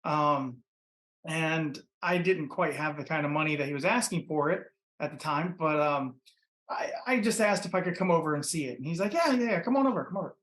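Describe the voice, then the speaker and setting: A man's voice: on the high side, normal speed. Rambling man from Ohio in echoey room. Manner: relaxed, rambling, many fillers. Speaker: podcast guest, pitmaster. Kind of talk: casual interview storytelling. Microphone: computer mic.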